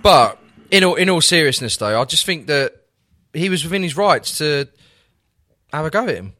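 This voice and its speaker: Bloke arguing football on a podcast, bright tense voice, talks fast when he gets going. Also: fairly high pitch, no echo, clean studio sound. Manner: quick, animated, argumentative. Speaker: podcast regular. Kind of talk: casual football chat.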